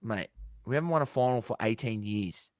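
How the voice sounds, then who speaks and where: A man's voice: lowish voice, a little fast, no room sound. An Australian man talking sports on a podcast, blunt and profane, hammering his points home by saying them twice. His voice sits close and dry on the mic, with no room around it. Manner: blunt, swears freely, repeats himself for emphasis. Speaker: podcast co-host. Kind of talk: casual sports chat.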